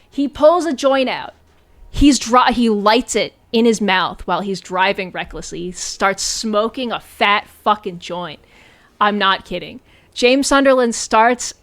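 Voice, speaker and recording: A woman's voice: on the high side, animated, measured pace, fairly bright tone. A woman streamer giving a casual, sarcastic and profane recap of a film, often breaking into giggles.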